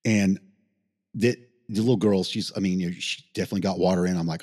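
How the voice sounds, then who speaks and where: A man's voice: on the low side, fast, warm tone, husky, long reverb tail. A middle-aged man, a paramedic, telling a rambling story in a casual interview, swearing freely and getting emotional. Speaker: paramedic guest.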